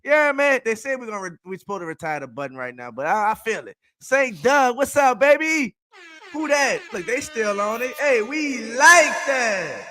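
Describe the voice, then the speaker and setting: A man, co-hosting a sports podcast and hyping up viewers with slangy shout-outs. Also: sits high, big pitch swings, normal speed, no room sound. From New Orleans. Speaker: podcast co-host. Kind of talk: casual sports podcast chat.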